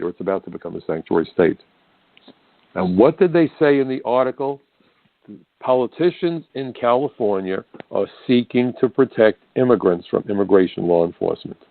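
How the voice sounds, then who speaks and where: A man's voice: on the low side, no echo. An older man from the United States, hosting a talk radio show and delivering an emphatic, indignant monologue straight to the listeners. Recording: dry, phone-like narrow band.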